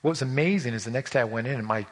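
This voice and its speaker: This is a man delivering a casual, story-filled sermon. His voice sits at an ordinary middle pitch. He talks in an animated, homespun way, often repeating himself and starting sentences over. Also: rapid-fire. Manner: animated, folksy, frequent repetitions and restarts. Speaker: pastor. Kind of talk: conversational sermon with personal stories.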